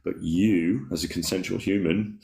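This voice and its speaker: A man with a low, deep voice chats at a relaxed pace on a live stream, rambling and reading out viewer comments. His voice rings around an echoey room. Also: moderate pace, vocal fry. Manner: rambling, laid-back, reads chat comments aloud. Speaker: livestream host. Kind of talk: casual spiritual livestream chat.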